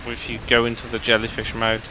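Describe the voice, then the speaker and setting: A man's voice: medium pitch, completely flat delivery, fast, a loud crowd, poor audio. A man chatting casually while gaming, grumbling and restarting his words. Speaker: co-host gaming on stream.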